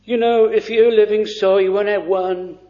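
A man preaching a sermon in an earnest, hesitant way with frequent pauses. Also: high voice, steady tone, warm tone. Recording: dull lo-fi recording.

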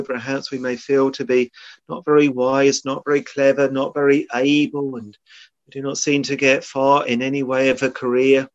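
A man preaching a sermon in a solemn, earnest way, often quoting old scripture. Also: mid-range voice. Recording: dull lo-fi sermon recording.

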